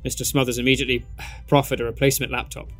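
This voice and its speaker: A man with a mid-pitched voice reads a comedy fan-fiction story aloud for a podcast. His delivery is playful, and he breaks off to laugh at his own puns. Faint music sits quietly behind him. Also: little pitch movement, very fast. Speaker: podcast co-host.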